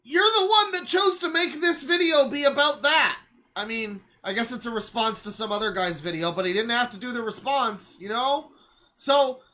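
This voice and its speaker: A young adult streamer gives live reaction commentary. The voice is bright and sharp. The delivery is an exasperated rant, full of swearing and sudden shouted outbursts. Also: mid-range voice.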